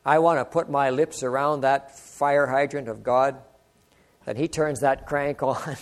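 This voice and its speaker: A man's voice: medium pitch, fairly even intonation, unhurried. An older man preaching a sermon, earnest and exclaiming, often asking the listeners rhetorical questions.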